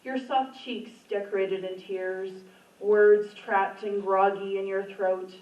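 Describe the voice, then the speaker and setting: A woman reads her own poetry at an open mic in a library community room, sounding earnest and emotional. Her voice is medium in pitch and steady in tone, and she goes slowly. The recording sounds roomy, distant, and dull.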